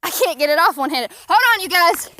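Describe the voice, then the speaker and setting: A woman's voice: very high-pitched, expressive, quick pace, pushed and bright. A young woman, vlogging in a rambling, chatty way into her phone while walking outdoors with her dog. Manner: rambling, chatty, easily distracted. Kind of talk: casual chat. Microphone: handheld phone.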